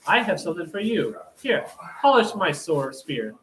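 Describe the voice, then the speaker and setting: A man's voice: fairly high pitch, sing-song, moderate pace, fairly bright tone, slight background noise. A man voicing a smug, seductive master of the house in a suave, crooning tone, read aloud in an echoey room with a crowd.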